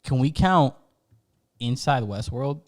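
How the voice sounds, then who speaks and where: A man co-hosting a podcast in casual chat, animated and drawn out, often restarting while searching for words. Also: medium pitch, slow pace. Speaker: podcast co-host.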